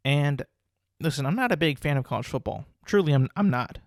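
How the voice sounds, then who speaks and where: A man's voice: on the high side, lively intonation, fairly quick, no echo, studio quality. A young man hosting a casual solo podcast, talking in a rambling, profane, incredulous way. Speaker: podcast host.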